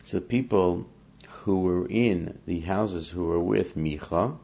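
A man's voice: deep voice, unhurried, gravelly, warm tone, breathy edge, muffled recording. A man teaching a scripture lesson, reading Hebrew verses and explaining each one in English while acting out the speakers in the text. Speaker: Torah teacher.

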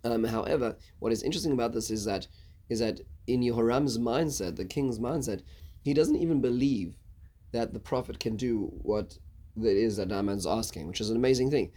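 A man teaching a casual Bible lesson, halting, with many stuttered restarts. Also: mid-range voice, dark tone. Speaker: Torah teacher.

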